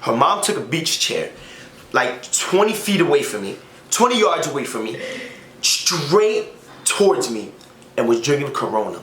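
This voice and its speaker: A man's voice: mid-range voice, normal speed. A young man telling a casual story, acting out the quotes in slangy talk. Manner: animated, acts out quotes, slangy. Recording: echoey room with faint noise.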